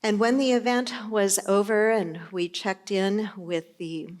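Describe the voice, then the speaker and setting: A woman's voice: mid-range voice, measured pace, a little mellow. A middle-aged woman pastor giving a sermon in a conversational, storytelling manner.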